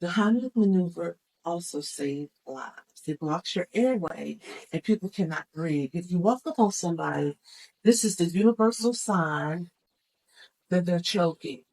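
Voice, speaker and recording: Woman, gravelly voice, first aid instructor, step-by-step demo, counts aloud. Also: lowish voice, expressive, unhurried, a little mellow, poor audio. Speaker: CPR instructor. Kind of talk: hands-on first aid demonstration.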